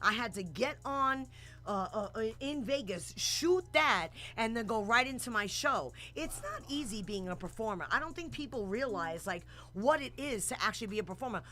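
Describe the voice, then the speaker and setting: A woman hosting a casual radio talk show, telling stories in an animated, slangy way with laughs. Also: on the high side, normal speed.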